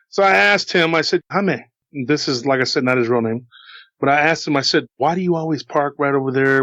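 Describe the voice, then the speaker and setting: This man has a mid-range, slightly bright voice and tells a secondhand paranormal story in a chatty, repetitive way, adding asides to the listener. There's no room sound, and the dry recording comes across dull and a little lo-fi.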